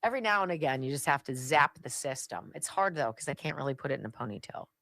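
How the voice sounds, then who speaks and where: A woman's voice: very deep voice, sing-song, fast, gravelly, fairly bright tone, dry recording. A woman hosting a talk radio show, giving sarcastic political commentary and chatting with her live audience. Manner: sarcastic and chatty, drops to asides.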